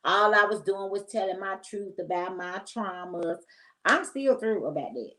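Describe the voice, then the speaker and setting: A woman's voice: mid-range voice, animated, normal speed, pushed and bright, slight background noise, rough recording. A woman hosting a casual commentary vlog, talking straight to her viewers in a chatty, opinionated, slangy way. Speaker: host.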